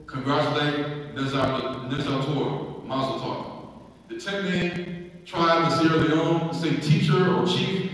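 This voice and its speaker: Male conference speaker, fairly high-pitched, halting and repetitive delivery, distant mic, heavy hall reverb. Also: a bit bright. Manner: halting, repeats words, lists terms slowly. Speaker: conference presenter. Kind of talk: lecture comparing words across languages. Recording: echoey hall, voice from far off.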